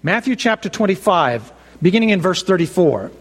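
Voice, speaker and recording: A man preaching a sermon, measured and emphatic, slowing down to stress key phrases. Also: high voice, sing-song, husky. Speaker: pastor. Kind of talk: expository sermon. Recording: long reverb of a large hall.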